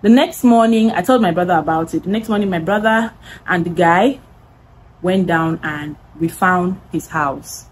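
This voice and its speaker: A woman's voice: medium pitch, slight background noise, low-quality recording. A young woman with a Nigerian accent telling a dramatic story-time vlog, full of repetition for emphasis. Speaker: vlogger.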